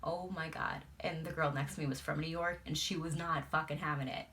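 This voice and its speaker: A woman's voice: deep voice, fairly even intonation, a little fast, fairly bright tone, a little hiss or hum. A young adult woman, a beauty vlogger, chatting casually and swearing freely while doing her makeup.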